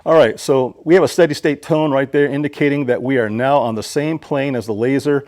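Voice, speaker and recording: A man's voice: mid-range voice, fairly even intonation, brisk, very noisy. A man hosting his own DIY channel who gives a patient, plain-spoken how-to explanation. He often stammers and restarts his sentences.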